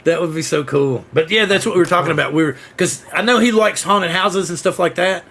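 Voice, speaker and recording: Gravelly-voiced excitable male host. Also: high-pitched, a little fast. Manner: excitable, acts out sound effects, rambling restarts. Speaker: drone show host. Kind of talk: casual live-stream chat.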